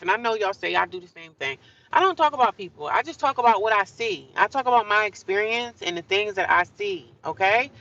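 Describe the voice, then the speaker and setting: A woman's voice: medium pitch, animated, brisk, a bit bright, far from the mic, highs cut off. A woman in a car at a gas station, talking casually and ramblingly to her viewers, encouraging herself as she goes. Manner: chatty, rambling, self-encouraging. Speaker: vlogger. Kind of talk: casual vlog talk to viewers.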